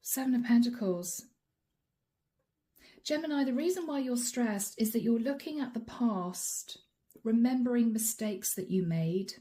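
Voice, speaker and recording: A woman's voice: fairly high pitch, lively intonation, unhurried, mellow. A woman giving a chatty channeled tarot reading to camera, laughing often and voicing her listeners' inner thoughts. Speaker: tarot reader.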